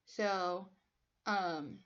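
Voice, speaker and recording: A woman's voice: on the low side, extremely slow, fairly bright tone. Girl gushing over a cartoon movie, lots of likes and ums, stuffy nose, kinda dull lo-fi sound. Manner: chatty, filler-heavy, emotional, laughs often. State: stuffy from allergies. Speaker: movie reviewer. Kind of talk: casual retelling of a movie.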